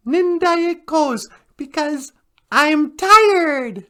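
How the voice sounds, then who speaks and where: A woman with a very high voice acts out each word in a playful, hammy way, piling on shivers, growls and groans. She speaks very slowly, drawing every phrase out. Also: animated, a bit bright. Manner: playful, hams up each feeling with sound effects. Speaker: podcast co-host. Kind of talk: playful acted examples.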